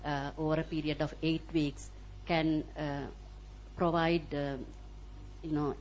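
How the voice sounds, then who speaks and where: A woman's voice: sits low, little pitch movement, measured pace, darkish tone. A woman in the audience asking a question, speaking hesitantly with many fillers. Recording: dull lo-fi recording.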